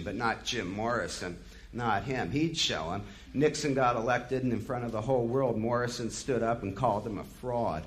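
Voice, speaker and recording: Male storyteller, mid-range voice; bitter, profane, impassioned first-person monologue. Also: medium pitch.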